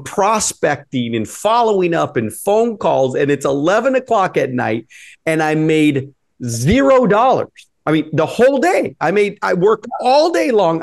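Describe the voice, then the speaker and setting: A man hosting a podcast, telling a personal story in a halting way with repeated words and fillers. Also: a little high, vocal fry. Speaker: podcast host. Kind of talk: casual storytelling.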